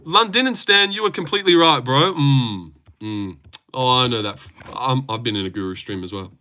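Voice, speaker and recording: A man's voice: mid-range voice, moderate pace, bright, forceful tone. A young Australian man hosting a casual livestream, reading out viewer comments and chatting in a rambling, laid-back, slangy way. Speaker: livestream host.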